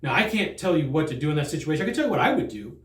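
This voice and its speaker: A man's voice: on the high side, very animated, rapid-fire, fairly bright tone, echoey room. A man talking earnestly and conversationally as a sales trainer, often restarting and repeating words as he makes his points. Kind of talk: direct-to-camera training talk.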